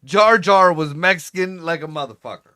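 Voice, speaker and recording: A man co-hosting a casual livestream chat, talking in a profane, joking and animated way. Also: a little high, moderate pace, clear, resonant tone. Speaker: co-host.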